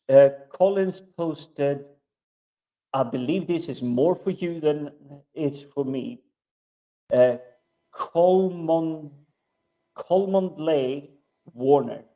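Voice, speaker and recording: A man's voice: a little high, animated, takes it slowly, mellow, lo-fi sound. A man hosting a casual panel chat, easygoing, reading out viewer comments with hesitant fillers.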